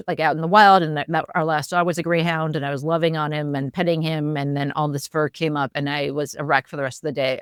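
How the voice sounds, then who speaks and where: A middle-aged woman chatting on a podcast with a wry, opinionated edge. Her voice is very low and smooth, recorded dry and close. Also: no room sound. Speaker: podcast co-host. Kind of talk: casual chat.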